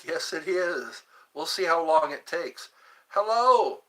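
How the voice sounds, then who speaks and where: Man in his fifties, live-stream host, unhurried delivery, bright tone, chatty and joking with viewers. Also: a little high, lively intonation, rough recording. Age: 50s. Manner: reads viewer comments aloud and chats back to them; playful, jokey. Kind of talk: casual live-stream chat.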